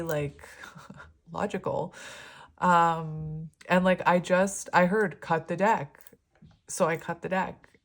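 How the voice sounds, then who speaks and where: Chatty expressive woman, lowish voice. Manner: chatty, rambling, expressive, laughs often. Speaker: tarot reader. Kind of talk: casual tarot reading to camera.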